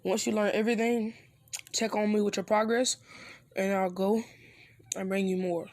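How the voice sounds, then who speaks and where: A storyteller voicing an old male ninja master who is secretive and gruff, in a low, hushed voice, in an improvised fan story. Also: little pitch movement, normal speed, no room sound, studio quality, natural voice. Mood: teaching.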